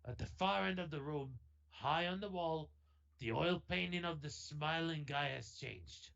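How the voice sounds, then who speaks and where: Gravelly man reading on a dull mic. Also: fairly high pitch, unhurried, fairly bright tone. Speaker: book reading co-host. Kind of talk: casual read-aloud with banter.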